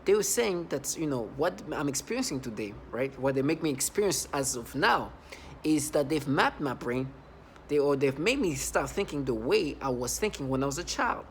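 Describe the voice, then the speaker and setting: A man in his thirties giving a personal testimonial, halting, often repeating and restarting words. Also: on the high side, lively intonation, slight background noise. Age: 30s. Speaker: vlogger.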